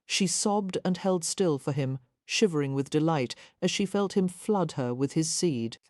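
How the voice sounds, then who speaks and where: A woman narrating a historical romance audiobook in a soft, measured storytelling manner. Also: deep voice, animated, no echo, clean studio sound. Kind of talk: scripted narration.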